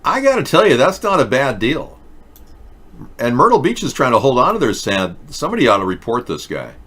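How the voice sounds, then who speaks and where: A man's voice: medium pitch, very animated, fairly quick, a bit bright. A man hosting a casual talk show, mocking and sarcastic, switching between joking rants and mumbled reading aloud. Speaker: host. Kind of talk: casual comedic commentary.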